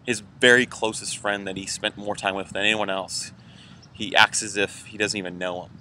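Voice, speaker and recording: Low-voiced guy pastor talking through a sermon real casual, lots of fillers, bright edgy tone. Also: little pitch movement, normal speed, a little hiss or hum. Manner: casual and conversational, many "like"s and fillers. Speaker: church pastor. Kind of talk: informal weekend sermon message.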